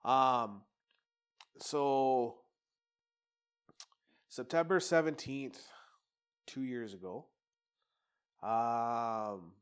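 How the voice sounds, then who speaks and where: A man's voice: mid-range voice, takes it slowly, long pauses, fairly bright tone. A man telling a personal story in casual, rambling talk, candid and peppered with swearing.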